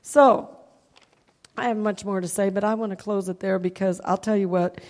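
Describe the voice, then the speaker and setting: A woman's voice: medium pitch, steady tone, moderate pace, a little mellow, in a large hall. A woman preaching a sermon, emotional and heartfelt, often calling out "Amen?" to the congregation. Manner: emotional, calls out "Amen?" to the crowd.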